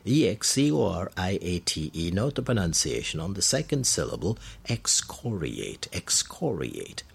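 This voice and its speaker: Deep gravelly husky-voiced male word host. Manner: spells words letter by letter and stresses pronunciation; measured, deliberate explaining. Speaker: radio vocabulary program host. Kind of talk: scripted word-of-the-day lesson.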